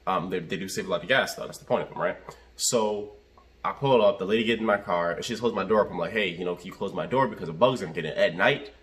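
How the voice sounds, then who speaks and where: A man with a somewhat low voice tells a story in a casual vlog style. He rambles and circles back, heavy on fillers. He speaks from inside his car. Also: fast, a bit bright. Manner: rambling, repeats himself, lots of fillers. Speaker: rideshare driver and vlogger.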